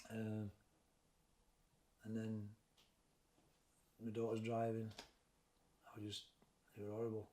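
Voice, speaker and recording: This Sheffield-born boxing trainer and ex-fighter, middle-aged with a Yorkshire accent, tells his story in an interview, frank, reflective and plain-spoken. His lowish, mellow voice is completely flat and slow with frequent pauses, recorded in an echoey room with slight background noise.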